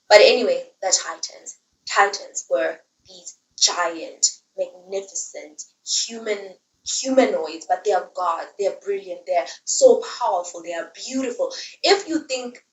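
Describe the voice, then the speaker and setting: A woman's voice: mid-range voice, expressive, a little slow, a bit bright, recorded from a distance. Chatty young woman retelling myths. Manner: chatty, digressive, dramatic asides. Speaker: book reviewer. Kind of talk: casual storytelling recap. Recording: roomy, mic set back.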